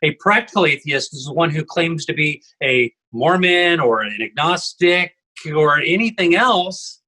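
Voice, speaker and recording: A man's voice: a little high, animated, a little slow, bright, forceful tone, low-quality recording. A man co-hosting a casual discussion from home over a video call, telling stories and tagging his points with "right?". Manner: storytelling, tags lines with "right?". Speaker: co-host, evangelism trainer.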